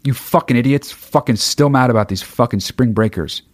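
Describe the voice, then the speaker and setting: A man ranting on a livestream, heated and swearing constantly, with sudden bursts of shouting as he reads through chat. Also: medium pitch, moderate pace, no room sound. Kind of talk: profane livestream rant.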